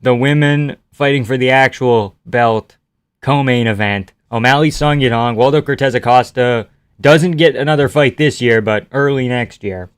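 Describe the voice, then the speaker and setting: A man's voice: mid-range voice, moderate pace, clean tone, dry recording, studio quality. A man from Canada streaming live, reading out viewer comments and answering them offhandedly with casual swearing.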